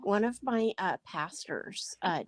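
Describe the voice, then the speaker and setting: A woman's voice: medium pitch, lively intonation, slow pace, no room sound. A woman on a live panel chat, telling a story in a rambling, hesitant way with many fillers. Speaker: panel guest. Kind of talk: casual chat.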